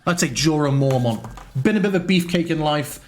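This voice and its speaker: A man's voice: a little high, animated, a little fast. A man running an online tabletop game as game master, talking casually and swearing freely.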